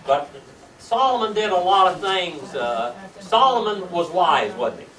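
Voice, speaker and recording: A man's voice: sits high, big pitch swings, unhurried, pushed and bright, distant mic. Older man teaching Bible class, echoey. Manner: folksy, quizzing the class with tag questions. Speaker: Sunday school teacher. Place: church classroom. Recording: echoey room recorded from afar, faint hiss.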